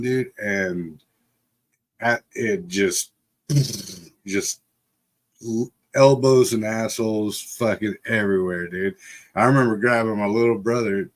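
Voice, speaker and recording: A middle-aged man with a fairly low voice tells a rambling childhood tale to his live stream audience. He swears freely and keeps breaking into laughter as he talks. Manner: profane, laughs often while telling. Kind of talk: casual storytelling. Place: home setup for a live stream.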